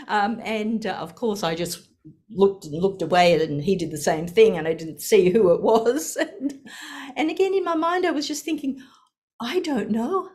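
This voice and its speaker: A woman's voice: mid-range voice, expressive, normal speed, darkish tone. An older woman sharing a personal story, laughing often and acting out the voices in her quotes.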